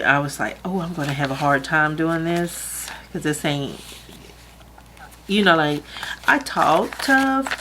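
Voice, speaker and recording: Casting: chatty woman vlogger, low voice, emotional edge, faint room hum. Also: fairly bright tone. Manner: chatty, laughs easily, talks through her math aloud. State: emotional, close to tears. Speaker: budgeting vlogger. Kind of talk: casual talk to camera.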